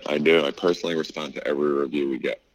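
Very deep-voiced man telling a story. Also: very fast, slight background noise, poor audio. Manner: animated storyteller, acts out quotes, many fillers. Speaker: restaurant owner. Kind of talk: casual interview storytelling.

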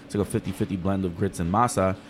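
A fast-talking man tells a story from his kitchen days in loose, profane podcast chat. He acts out every voice in the tale with lively energy. A faint hum of room ambience sits under his voice. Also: low voice. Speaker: chef and restaurant owner.

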